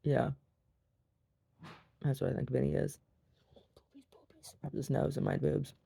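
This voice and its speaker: Gravelly-voiced middle-aged woman rambling casually. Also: a bass voice, level tone, normal speed, mellow. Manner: chatty, meandering, giggly storytelling. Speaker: gallery owner.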